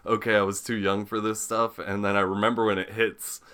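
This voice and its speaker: Male co-host, low and bright, relaxed and prone to laughter. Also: brisk, clear, resonant tone. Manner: laughs often, easygoing. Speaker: podcast co-host. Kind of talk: casual chat.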